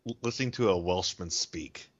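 Jokey podcast host, low voice, muffled. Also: male voice, a little fast. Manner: jokey, chuckling, teasing. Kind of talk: casual chat.

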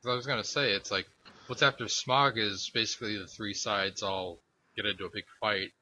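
A man's voice: lowish voice, steady tone, a little fast, bright, forceful tone, poor audio. A man chatting casually on a podcast, laid-back and dropping chuckling asides. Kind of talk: casual chat. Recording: faint background noise.

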